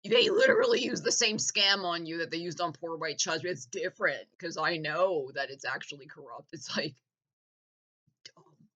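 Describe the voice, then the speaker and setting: A woman's voice: low voice, very animated, normal speed, bright, forceful tone, lo-fi sound. Sarcastic, profane woman ranting. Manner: sarcastic, mocking, profane, heated. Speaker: vlogger. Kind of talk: profane political rant.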